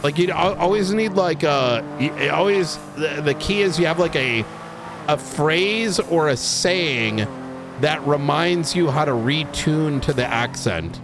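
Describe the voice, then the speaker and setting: Slow-talking, rambling male streamer. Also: fairly high pitch, expressive, background noise. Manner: rambling, restarts and profanity. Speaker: live streamer. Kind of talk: casual stream chat.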